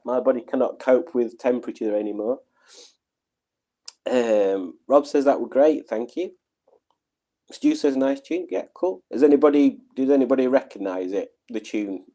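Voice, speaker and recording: A middle-aged man hosts a laid-back livestream from home. His voice is mellow and soft-edged, and he meanders through viewer messages with easy, self-mocking asides. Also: medium pitch, normal speed. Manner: relaxed, rambling, self-deprecating. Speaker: livestream host. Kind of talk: casual chat reading out viewer comments.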